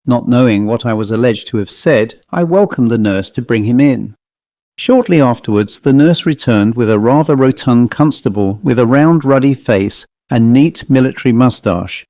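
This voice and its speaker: A man reading his own first-person ghost story aloud in a measured, suspenseful way. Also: medium pitch, animated, dark tone, dry recording. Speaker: author and reader. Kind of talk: first-person scripted narration.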